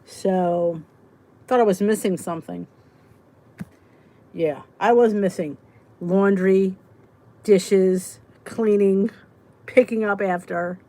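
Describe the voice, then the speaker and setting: A woman's voice: medium pitch, slow pace, long pauses, low-quality recording. Sleepy chatty middle-aged woman. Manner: chatty, joking, breaks into laughs and soft whispered asides. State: sleepy, yawning. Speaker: host of a weight loss support chat. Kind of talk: casual live chat reading viewer comments.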